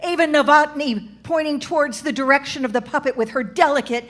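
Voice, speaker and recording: A woman's voice: sits high, brisk, a bit bright. Wry seventy-year-old woman narrating. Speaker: cast member, narrator. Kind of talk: comedic scripted narration.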